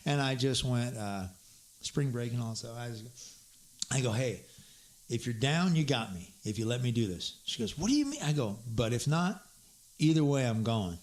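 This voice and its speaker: A man's voice: mid-range voice, normal speed. A man co-hosting a podcast, telling a rambling story with frequent laughs and acted-out quoted voices. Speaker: podcast co-host. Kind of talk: casual storytelling.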